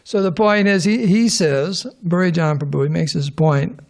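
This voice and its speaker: A man's voice: on the high side, normal speed, a little mellow. A middle-aged man giving an informal scripture class to a live audience in a temple hall, rambling, restarting sentences and tossing questions to the listeners.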